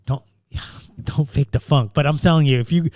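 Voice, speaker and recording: This podcast co-host's voice is a little high with a darkish tone, at normal speed and with no room sound. Chatting casually, he speaks emphatically, swears a lot and restarts sentences by repeating words.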